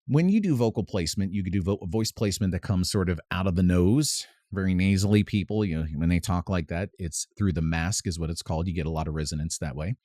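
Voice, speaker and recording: Male vocal coach, very low voice, dry close sound, casual pedantic explainer. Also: fast, few pauses, dark tone, no room sound. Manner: pedantic, explains with sung demonstrations. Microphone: close mic with added reverb at times.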